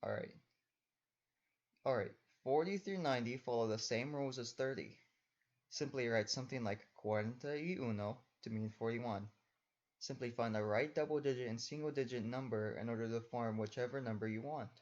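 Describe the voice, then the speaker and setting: A man's voice: medium pitch, normal speed, darkish tone. Young man teaching, dull lo-fi recording. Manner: patient, step-by-step instructing. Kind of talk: recorded lesson voice-over.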